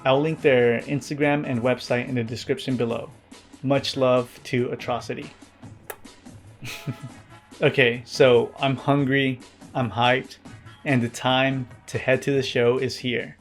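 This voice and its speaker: A man tells his story as a vlog voiceover in a flat, deadpan delivery and drops wry asides along the way. His pitch sits in the middle range. Faint music plays underneath. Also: measured pace. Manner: introverted, earnest. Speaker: vlogger. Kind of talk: scripted vlog narration.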